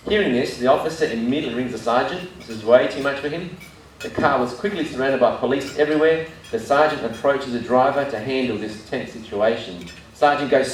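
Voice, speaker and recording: A man's voice: medium pitch, fairly quick, a little hiss or hum. Brief: middle-aged Aussie male host, live room talk, heard from a distance in a very echoey hall, faint ambience. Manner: chatty, tells jokes with quoted voices, frequent restarts. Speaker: breakfast event host. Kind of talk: live presentation to a seated audience.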